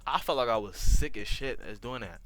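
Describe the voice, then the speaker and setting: A man's voice: medium pitch, animated, brisk, fairly bright tone. Slangy African-accented man telling a story. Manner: slangy, profane, rambling with tag questions. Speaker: YouTube storyteller. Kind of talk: casual storytime vlog.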